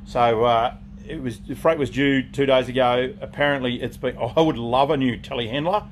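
An Australian man chats casually on a live stream from inside his shop. His voice sits mid-range and he keeps it relaxed and rambling, breaking off to greet viewers. There is a faint hum of noise in the background. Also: mid-range voice, moderate pace. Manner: chatty and laid-back, greets viewers by name mid-sentence.

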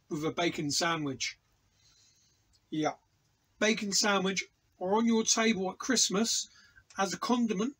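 A man's voice: high-pitched, fairly bright tone, slightly rough, rough recording. An English man reviewing hot sauce in a casual, enthusiastic, rambling way, tasting aloud in a home studio. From England. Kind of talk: casual product review vlog.

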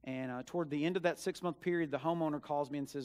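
A young man, a student minister, preaching a sermon built on a personal story, dropping to quiet asides and rising to loud emphatic bursts. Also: on the high side, quick pace, few pauses. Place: church sanctuary.

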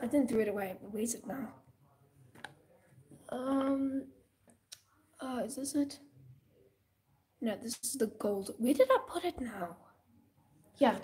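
A woman's voice: a little high, a little mellow, husky. A teenage girl casually chatting with viewers on a live stream while coloring, dramatic and chatty, often slipping into whispers.

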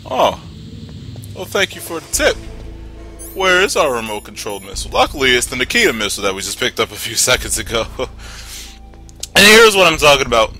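Excitable, swearing young gamer, lively pitch. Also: male voice, fairly quick, long pauses. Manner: excitable, profane, talks to game characters. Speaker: gameplay commentator. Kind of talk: let's-play commentary. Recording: game music behind voice.

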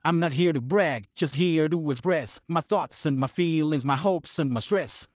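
A computer-generated male rapper, as singing software produces him, delivering lines rhythmically and right on the beat. His voice sits a bit high for a man, and some words come out slightly oddly pronounced. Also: moderate pace, lightly acted. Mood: rapping. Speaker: demo vocal line. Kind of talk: rap.

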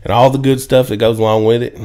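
A man's voice: mid-range voice, little pitch movement, mellow. A man hosting a casual football chat, laughing often and telling stories. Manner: laid-back, laughs often, drawn-out stories. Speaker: podcast co-host. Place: home, indoors.

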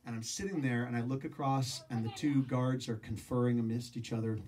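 Man on stage, lively self-mocking storyteller, middle pitch, picked up from a distance. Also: a little fast, music in the background. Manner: animated, self-mocking storyteller who acts out voices. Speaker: speaker telling a story to a live audience. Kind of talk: storytelling talk. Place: room with a live audience.

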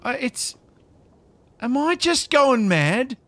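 A man's voice: very high-pitched, very animated, takes it slowly, a bit bright, no echo. A man giving casual, flustered commentary while playing a video game, chatting to the creatures on screen.

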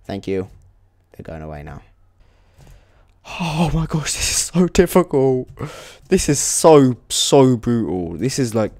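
A man's voice: medium pitch, very animated, slow, a little mellow, no room sound, clean studio sound. A young man hosting a game channel, giving let's play commentary in an exasperated, rambling way with swearing. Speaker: gaming channel host.

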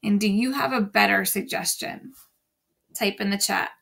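Gravelly woman reading a story aloud. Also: medium pitch, moderate pace, a bit bright. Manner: voices the characters and sings the song lines. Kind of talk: read-aloud storytelling with questions to the class.

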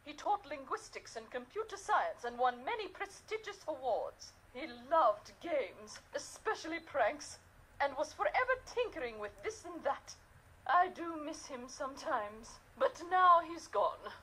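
A woman's voice: sits high, big pitch swings, unhurried, pushed and bright, a little hiss or hum, heavily acted. A stern old lady of the manor. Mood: wistful. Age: older. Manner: formal, scolding, sometimes wistful. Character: stern prim older British widow, mistress of the manor. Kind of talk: video game voice acting.

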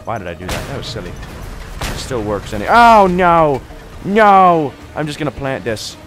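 A teenage boy commentating his gameplay with a lively, bouncing pitch that jumps up into yelps and shouts. He jokes constantly and reacts loudly to every mishap. Game music plays clearly behind him. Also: fast talker. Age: teens. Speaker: gaming YouTuber. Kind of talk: let's play commentary.

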